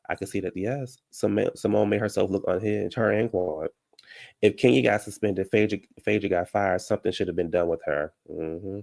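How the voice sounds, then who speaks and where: A man with a low-pitched, gravelly yet mellow voice speaks at a moderate pace as he hosts a casual live recap of a reality show. He rants heatedly, responds to comments from viewers, and talks straight to the show's people.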